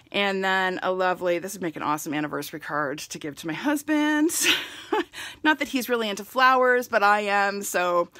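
A middle-aged woman hosts a live stamping demonstration, chatting warmly and greeting viewers by name as she works. Her voice is bright and sharp, with pitch that swings up and down. The sound is close and dry. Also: no room sound.

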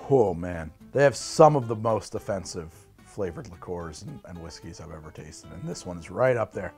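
A man hosts a casual tasting video, and his voice swings widely in pitch as he jokes and laughs. His delivery is animated and loose, and faint music plays softly behind him. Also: slightly rough. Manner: animated, joking, breaks into laughs. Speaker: host. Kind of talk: casual spirits tasting vlog.

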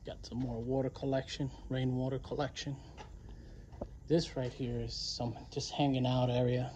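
A man casually narrating a walking tour of his garden and property outdoors, chatty and relaxed, saying y'all. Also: medium pitch, normal speed, slight background noise. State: winded near the end. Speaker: vlogger giving a garden tour.

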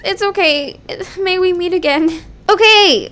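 A woman's voice: high voice, animated, moderate pace, a bit bright. A woman YouTuber giving casual, rambling game commentary into her microphone, giggling and melodramatic. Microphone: desk microphone.

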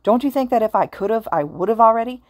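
Brief: a woman playing a snappish teen ghost boy, raised and loud, frantic, dry close audio. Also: fairly high pitch, expressive, brisk, dry recording, pitched above the performer's own voice, lightly acted. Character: agitated teenage boy ghost, sharp-tongued.

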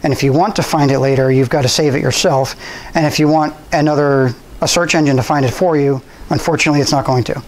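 Man presenting to a club audience, slightly higher pitch, easygoing with ums and restarts. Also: quick pace, low-quality recording. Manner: conversational, relaxed, with frequent restarts and ums. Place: university room.

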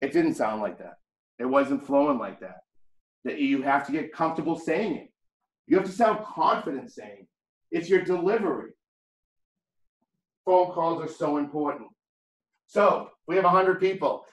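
A man's voice: fairly high pitch, lively intonation, moderate pace, long pauses. A man with a heavy Boston accent, teaching a real estate training class in a blunt, conversational, jokey way. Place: training room. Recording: echoey room.

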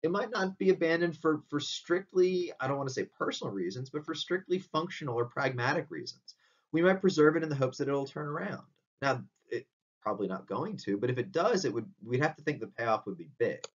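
A man's voice: medium pitch, very animated, a little fast, breathy edge. A man giving a recorded philosophy lecture, explaining step by step and often checking in with "right?". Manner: explanatory, frequent "right?" tag questions. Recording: dull distant lo-fi audio.

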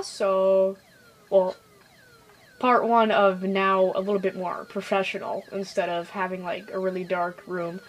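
A young woman chatting casually while she plays a video game, excitable and rambling, switching between loud outbursts and quiet mumbling. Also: medium pitch, unhurried, low-quality recording. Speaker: gaming video host. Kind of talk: casual gameplay commentary.

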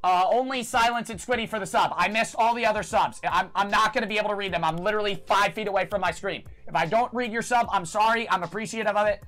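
A man live-streaming, talking fast and cursing, on a cheap lavalier mic that sounds blown out. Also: high-pitched. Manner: fast, profane, bursts into shouting. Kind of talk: casual live stream chat. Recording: distorted lavalier mic, music behind.

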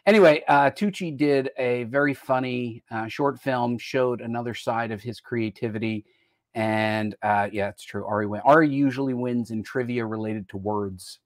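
A man's voice: medium pitch, moderate pace, no echo, clean studio sound. An American man hosting a casual live-stream chat, talking in a rambling way and jumping between topics mid-sentence. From United States. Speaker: host.

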